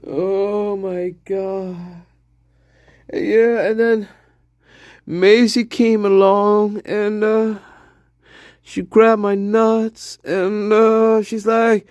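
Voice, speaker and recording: A man's voice: sits high, level tone, very slow, a little mellow, clear, resonant tone, no room sound, studio quality. A man host rambling through an erratic, crude solo monologue, often breaking into laughter. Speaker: channel host.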